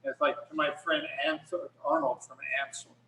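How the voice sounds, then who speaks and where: A man's voice: a little high, wildly swooping pitch, a little fast, gravelly, bright, forceful tone, far from the mic, a little hiss or hum. A middle-aged man, a photographer, telling rambling stories in casual talk on a video call with many restarts. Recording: echoey room, speaker off mic.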